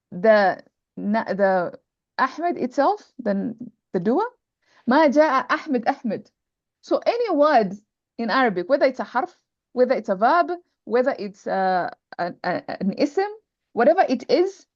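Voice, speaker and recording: A woman's voice: a little high, darkish tone, dry recording. A woman teaching Arabic grammar in an online class, patiently repeating terms and checking that students follow. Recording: dull lo-fi online call audio.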